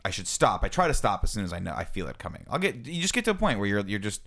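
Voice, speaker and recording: A young man with a somewhat low voice rattles through a story on a casual podcast. He talks quickly and acts out what each person said. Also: vocal fry. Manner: animated storyteller, acts out quoted lines. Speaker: podcast co-host.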